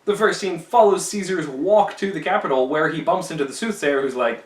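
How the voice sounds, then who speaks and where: A man's voice: on the high side, a little fast, far from the mic. A man casually summarizing a play as a teacher, slipping into playful voices for the quoted lines. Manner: animated, slips into silly character voices for quoted lines. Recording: echoey room, voice a bit off-mic.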